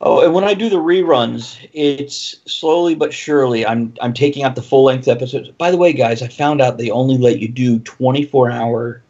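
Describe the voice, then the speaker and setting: A man hosting a casual livestream chat, jokey and quick, laughing often. His recording is dull and lo-fi. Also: mid-range voice, darkish tone. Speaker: host.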